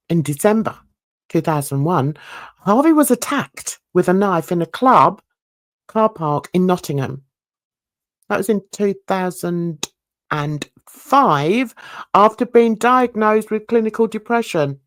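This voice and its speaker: A woman with a London accent gives chatty, giggly casual commentary while reading news aloud to her viewers. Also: deep voice. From London, England. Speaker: YouTube channel host.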